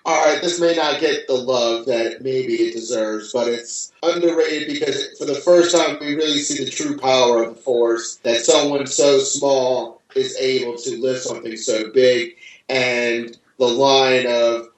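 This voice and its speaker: A man's voice: medium pitch, fairly even intonation, a little slow. A man co-hosting a podcast in casual, joking banter. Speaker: podcast co-host. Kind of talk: casual chat. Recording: echoey room, distant mic.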